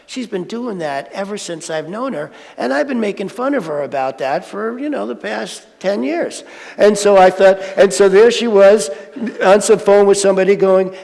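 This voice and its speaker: A man in his sixties giving a sermon-style talk with animated, self-mocking storytelling. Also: sits high, normal speed, vocal fry. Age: 60s. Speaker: speaker at a spiritual centre. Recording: hall reverb.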